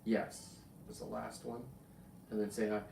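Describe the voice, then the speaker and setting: A man's voice: lowish voice, flat delivery, a little slow, vocal fry, warm tone, slight background noise. A man hosting a casual live stream, chatty and rambling, with restarts and friendly asides. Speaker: livestream host, spearfisher and taxidermist. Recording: roomy room, mic at a distance.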